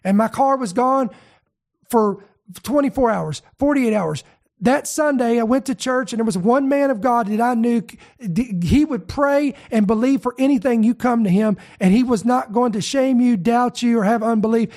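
A man's voice: extremely high pitch, normal speed, a little mellow. A middle-aged preacher man, telling a testimony story in a fervent sermon and building to emphatic declarations.

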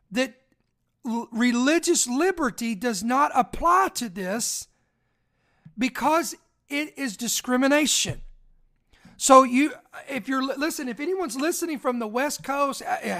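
A woman hosting a live news commentary stream, reading quoted passages aloud, slowing down and repeating key lines, often stumbling and restarting words as she talks straight to her viewers. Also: high voice, a bit bright. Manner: rereads key phrases slowly for emphasis, addresses viewers directly.

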